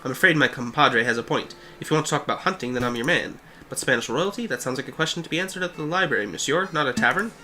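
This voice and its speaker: Boastful male hunter read by a man, self-assured storytelling, bright tone, faint background music. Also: medium pitch, expressive, fast, hardly any pauses. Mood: plain.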